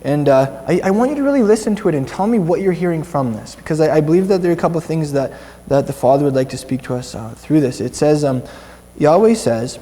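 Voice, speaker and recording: A man's voice: a little high, lively intonation, fast, warm tone, big-room sound. A young Canadian man giving informal Bible teaching to a small group, chatty and rambling, with many restarts.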